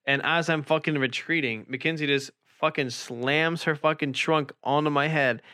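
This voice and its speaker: A man's voice: fairly high pitch, moderate pace, no echo. Young male co-host, casual and profane, dry close mic. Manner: swears constantly, animated storytelling. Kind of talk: casual chat.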